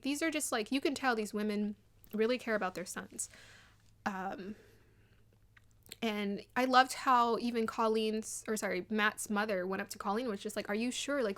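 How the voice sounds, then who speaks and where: A young woman giving casual, animated commentary on a dating show, acting out quotes in an excited voice. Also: mid-range voice. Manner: chatty and animated, mimics people in quotes.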